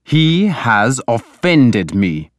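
A man's voice: on the low side, dry recording. A man voicing a grim, harsh Viking lord. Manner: slow, harsh, menacing delivery. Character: stern angry Viking lord, grim and commanding.

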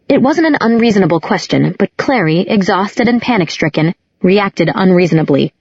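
A woman's voice: medium pitch, lively intonation, moderate pace, darkish tone, slightly rough, no echo, muffled recording. A woman narrating an audiobook, reading every character herself with small changes of voice. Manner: reads all characters with small voice shifts. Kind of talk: scripted narration.

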